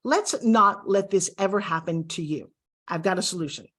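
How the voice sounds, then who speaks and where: A woman's voice: on the low side, normal speed, a bit bright. A middle-aged woman teaching a video course, speaking in an upbeat coaching style straight to the viewer. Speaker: course instructor.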